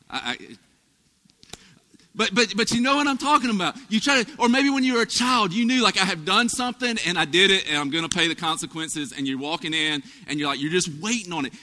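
A male pastor preaches with a high, very bright voice that carries. He tells folksy stories and throws asides to his congregation. His sermon rings out across the long reverb of a large church hall. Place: church sanctuary.

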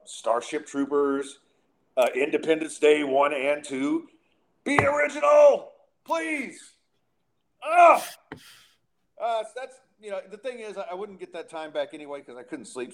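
A man hosting a casual talk podcast. He rants with an exasperated edge and trips over his words as he goes. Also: fairly high pitch. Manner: exasperated, ranting, lots of restarts. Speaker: podcast host. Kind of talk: casual chat and rant.

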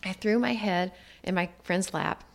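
In a very noisy recording, a woman with a mid-range voice and vocal fry takes her time. As a guest recounting her life, she reflects earnestly and acts out other people's lines in the story.

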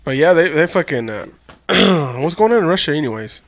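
A man's voice: a little high, lively intonation, a little fast, fairly bright tone. A man in casual chat with friends, swearing freely and laughing as he talks. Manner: profane, laughing banter.

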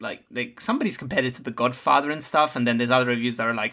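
A man's voice: medium pitch, quick pace, few pauses, sharp tone. A man co-hosting a casual film podcast, rambling and hedging with lots of restarts. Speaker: podcast co-host.

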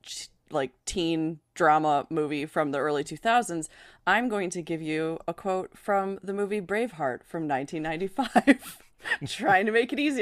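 A woman's voice: mid-range voice, animated, measured pace, no echo, studio quality. Woman producer teasing the host, bouncy sing-song voice, keeps giggling. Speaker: podcast producer. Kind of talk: casual chat.

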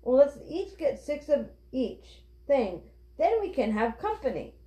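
A woman reading aloud, voicing a cheerful, capable girl who speaks with bright enthusiasm. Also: sits high, very animated, unhurried, pitched above the performer's own voice. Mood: enthusiastic. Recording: roomy, dull lo-fi.

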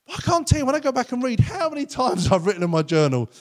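A man preaching a sermon as pastor, earnest and conversational, often acting out quotes in lively voices. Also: extremely high pitch, quick pace.

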